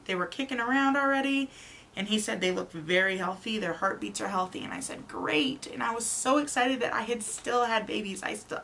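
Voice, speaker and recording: A woman's voice: fairly high pitch, gravelly, a little hiss or hum. A young woman casually telling a personal story, acting out the dialogue with animation. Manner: animated, acts out dialogue in quotes. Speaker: vlogger.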